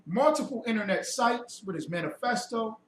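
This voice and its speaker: A man with a high voice and lively intonation, at normal speed, delivers a heated, preachy, and mocking lecture to a group, firing off rhetorical questions. The room is echoey, the mic far off, and there's faint noise.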